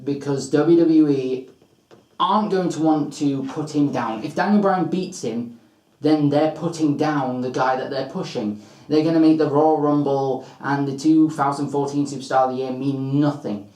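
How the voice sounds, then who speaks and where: Male co-host, earnest hedging debater, slightly high voice, echoey room. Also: steady tone, moderate pace, warm tone. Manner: earnest, hedging with ums, talks over his partner. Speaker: co-host of a wrestling predictions channel. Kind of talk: casual debate.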